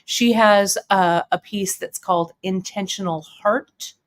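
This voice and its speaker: Woman stream host, mid pitch, chatty and emotional, teary and sniffling, fillers throughout. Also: fairly even intonation, takes it slowly. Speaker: host of a bead shop live stream. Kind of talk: casual live-stream chat reading viewer comments.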